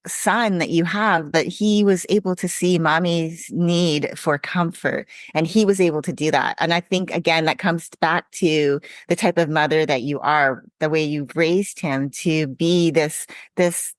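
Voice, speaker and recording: A woman's voice: low voice, fairly even intonation, measured pace, few pauses, dry recording. A woman hosting a podcast interview, talking earnestly and reflectively, openly emotional. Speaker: podcast host. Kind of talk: interview conversation.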